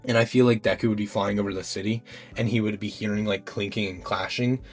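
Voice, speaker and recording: A man's voice: fairly low pitch, steady tone, fast, faint music behind. A man telling a story in a casual, improvised way, rambling with fillers and restarts. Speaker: YouTube storyteller.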